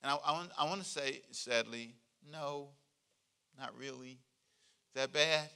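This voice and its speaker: A male pastor giving a conversational sermon, joking and animated, leading the congregation in call-and-response. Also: mid-range voice, measured pace, gravelly, smooth.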